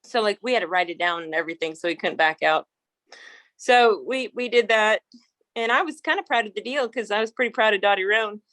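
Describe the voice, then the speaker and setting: A woman's voice: medium pitch, a little fast, a bit bright, no echo. A woman who trains and breeds horses, telling a long anecdote in a casual interview, rambling with restarts and laughing often.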